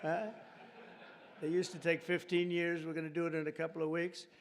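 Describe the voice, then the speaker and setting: A man's voice: a little high, little pitch movement, a little fast. A man giving a ceremonial speech at a formal reception, chatty and rambling, breaking off for off-script jokes aimed at the audience. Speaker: speaker at a reception. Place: large formal reception room.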